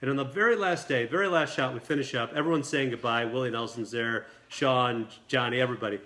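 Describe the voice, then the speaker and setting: A man, a film director and guest, telling a lively anecdote at a dinner table interview. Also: medium pitch. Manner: quick, lively storytelling with acted quotes.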